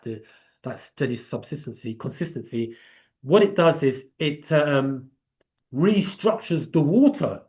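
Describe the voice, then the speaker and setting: A man's voice: fairly high pitch, lively intonation, a little slow, darkish tone. A man with an English accent hosting a live online class in a chatty, rambling way. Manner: chatty, rambling, laughs easily. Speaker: class host. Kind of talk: casual live class talk.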